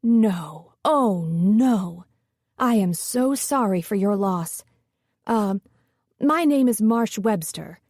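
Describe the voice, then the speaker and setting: A man's voice: high voice, expressive, slow pace, no echo, clean studio sound, full character voice. A woman voicing a polite male business caller with a courteous, formal manner.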